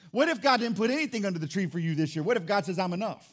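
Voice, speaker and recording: Loud, high-pitched preaching pastor. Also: male voice, sing-song, fast talker, few pauses. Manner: loud, swinging between shouting and hushed. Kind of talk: sermon. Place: church sanctuary.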